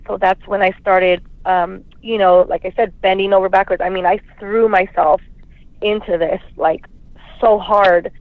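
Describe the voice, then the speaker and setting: A woman's voice: mid-range voice, fairly even intonation, moderate pace, dry recording. Caller, woman, rambling and emotional, heard over a thin dry phone line. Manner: rambling, quotes both sides of arguments. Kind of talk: emotional call-in confession.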